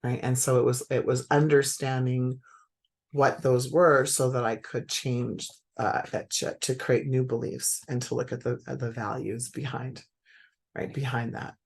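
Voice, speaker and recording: A middle-aged woman speaks with a gravelly fry running through her voice. She tells a personal story candidly and reflectively, often pausing to ask "right?". Her delivery is that of a personal growth talk. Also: extremely low pitch, level tone.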